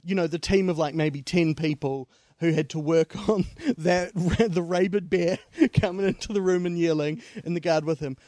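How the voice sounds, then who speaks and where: A man's voice: on the high side, moderate pace, warm tone, dry recording, clean studio sound. A man co-hosting a casual, comedic movie review chat, laughing often and jumping between asides. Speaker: podcast co-host.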